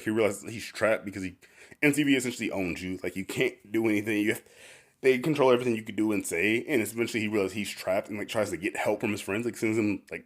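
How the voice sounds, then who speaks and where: Fast-talking man, rambling casual recap. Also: on the low side. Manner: rambling, says "like" constantly, laughs often. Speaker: podcast host. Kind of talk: casual chat recapping a cartoon.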